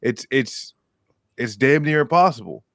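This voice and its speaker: A man's voice: medium pitch, expressive, measured pace, creaky, a bit bright, no echo, studio quality. A young adult man in casual chat, rambling with lots of fillers and swearing.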